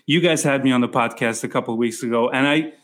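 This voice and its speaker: A man hosting a podcast in a relaxed, casual chat, often calling his guest "man" and "dude". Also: medium pitch, fast. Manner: laid-back, calls the guest "man" and "dude". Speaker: podcast host.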